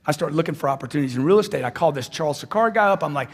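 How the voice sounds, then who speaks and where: High-pitched, animated male motivational speaker. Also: rapid-fire. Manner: animated, repeats lines for emphasis and acts out dialogues. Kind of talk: motivational stage speech. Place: large hall with live audience. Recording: long hall reverb from a stage.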